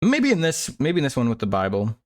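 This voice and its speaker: A man's voice: medium pitch, wildly swooping pitch, fairly quick. A man streaming while he draws, chatting casually, rambling and chuckling as he searches for words. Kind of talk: casual chat while drawing.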